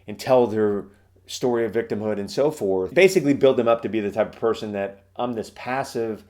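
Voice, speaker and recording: A man's voice: lowish voice, animated, brisk, dark tone. A man talking as a trial lawyer, giving instructional advice in an emphatic, direct, matter-of-fact way. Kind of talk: instructional talk.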